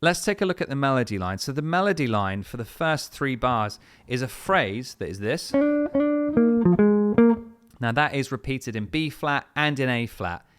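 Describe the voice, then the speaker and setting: A man's voice: medium pitch, lively intonation, moderate pace, fairly bright tone. A man teaching guitar step by step, in a patient, explanatory way with frequent fillers. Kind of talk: step-by-step music lesson. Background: his own guitar playing between phrases.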